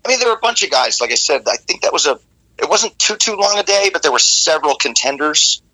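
A rock singer in an interview, telling rambling, animated stories with many restarts. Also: male voice, a little high, fast talker, creaky, rough recording. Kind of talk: casual interview storytelling.

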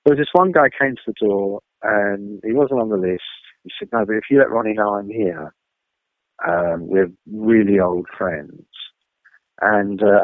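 A man, a rock journalist, telling animated anecdotes as an interview guest and acting out the people in his stories, heard over a phone line. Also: fairly low pitch, vocal fry, no room sound. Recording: dry, tinny phone line.

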